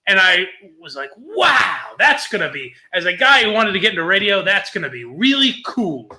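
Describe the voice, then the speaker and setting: Casting note: young male podcast host, high bright voice, loose laughing storyteller. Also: normal speed. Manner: laughs often, swears, animated retelling. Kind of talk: casual storytelling chat.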